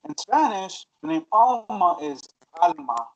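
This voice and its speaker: A man's voice: fairly high pitch, moderate pace, muffled recording. A man co-hosting a podcast, telling a story in casual chat and acting out the dialogue, with lots of "like.". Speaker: podcast co-host.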